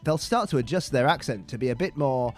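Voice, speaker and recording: A man's voice: medium pitch, expressive, fairly quick, darkish tone, soft background music. A man with a Northern English accent, from Manchester, chatting as a podcast guest in a self-deprecating way, often stammering and restarting. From Manchester, England. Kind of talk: casual interview chat.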